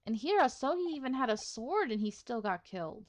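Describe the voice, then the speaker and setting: A young woman hosting a let's play, giving casual, expressive and self-mocking commentary while reacting to a story game. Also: fairly high pitch, fairly quick.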